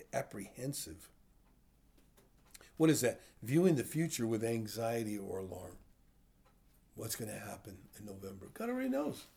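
A man's voice: on the low side, creaky, mellow. An older man teaching a sermon in a conversational way, asking his listeners questions as he explains. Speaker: pastor.

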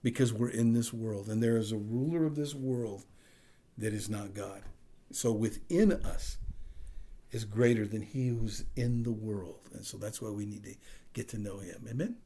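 A male pastor preaching a sermon and closing in prayer, animated, swinging between loud emphasis and soft, low passages. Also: moderate pace.

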